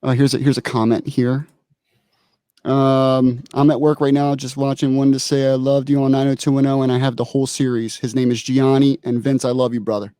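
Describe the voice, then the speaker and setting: Chill dude hosting a podcast, reads out chat comments, slangy, dry close sound. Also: male voice, medium pitch, little pitch movement, fairly quick, dark tone, clean tone, dry recording. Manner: laid-back, slangy. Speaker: podcast host. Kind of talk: casual chat, reading viewer comments.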